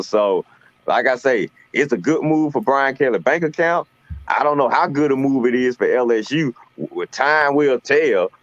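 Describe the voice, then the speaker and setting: A man's voice: medium pitch, no echo. Man, sports talk co-host, boastful trash talk, dry and dull lo-fi sound. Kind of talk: casual sports debate.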